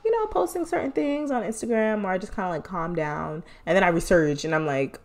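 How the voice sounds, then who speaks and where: A woman's voice: lowish voice, animated, brisk, hardly any pauses. A young woman hosting her own podcast, talking casually and rambling, with playful asides and laughs. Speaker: podcast host. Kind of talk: casual solo podcast update.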